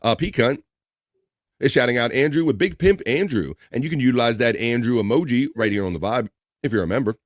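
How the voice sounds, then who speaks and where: A man's voice: medium pitch, animated, brisk, no echo, clean studio sound. A man hosting a live stream, loosely chatting, swearing casually and reading out viewer comments.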